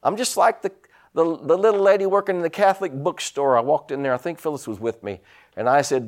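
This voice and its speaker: A man's voice: on the high side, fast. A man preaching a sermon, telling personal stories and punctuating them with amens and hallelujahs. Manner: animated storytelling with frequent amens and hallelujahs.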